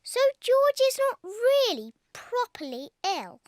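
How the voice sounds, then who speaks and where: A woman's voice: very high-pitched, very animated, slow, very noisy, exaggerated voice. Bossy little piglet girl. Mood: chatty. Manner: bright, bossy, chatty. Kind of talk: children's cartoon voice acting. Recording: cartoon soundtrack with music.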